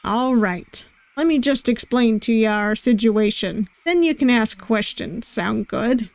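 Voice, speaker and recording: A woman voicing a charming, flirty male pirate sailing master in a visual novel, with a gentle, reassuring manner and a loose attempt at a pirate accent. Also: on the high side, animated, measured pace.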